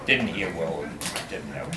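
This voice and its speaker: A man's voice: low voice, background noise. An older man telling self-mocking stories as guest of honor in a fan Q&A. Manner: wry, self-mocking jokes. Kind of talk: humorous Q&A storytelling. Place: convention event room. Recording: echoey room, loud crowd.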